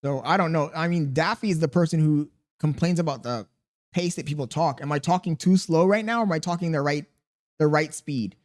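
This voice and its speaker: A man's voice: on the high side, darkish tone. A young man with a sore throat, live streaming and reading his chat aloud, laid-back and chuckling as he answers. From Chicago, USA. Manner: laid-back, chuckling, drifts between slow and quick talk.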